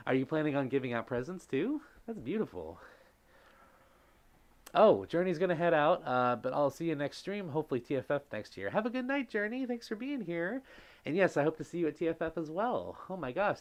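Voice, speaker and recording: A man hosting a casual live stream, reading chat comments aloud and reacting in an effusive, gushing way. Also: on the high side. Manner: gushing, effusive, exclaims often.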